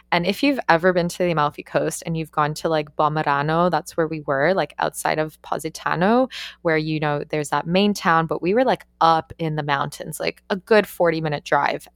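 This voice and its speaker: A woman's voice: deep voice, no echo, studio quality. A young woman who works on yacht crew, telling a story casually with lots of swearing and "like" fillers. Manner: profane, animated, frequent "like" fillers.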